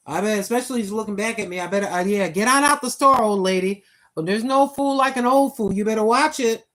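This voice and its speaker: An older woman in her sixties with a fairly high voice, talking casually to viewers on a livestream. She jokes, repeats herself and lectures her audience with playful warnings. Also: fast, fairly bright tone, poor audio. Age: 60s. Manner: preachy, joking, repetitive warnings. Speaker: walking vlog host. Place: at home indoors.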